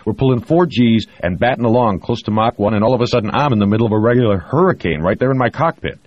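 A man's voice: extremely low pitch, lively intonation, moderate pace, breathy edge, no echo, highs cut off, heavily acted. A man reading an audiobook, voicing a wry, easygoing astronaut and former pilot with a laconic way of talking. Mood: animated.

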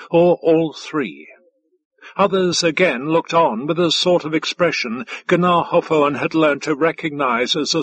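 Male reader, measured delivery, slightly high husky voice, very slow, dry close mic. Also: fairly bright tone. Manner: measured, deliberate. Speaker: audiobook narrator. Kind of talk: scripted narration.

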